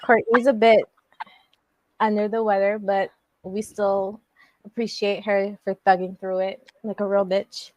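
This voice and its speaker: A woman's voice: mid-range voice, little pitch movement, a little slow, darkish tone. A woman co-hosting a podcast, recapping a wrestling show in a loose, rambling way with lots of fillers and slang. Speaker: podcast co-host. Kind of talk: casual wrestling chat.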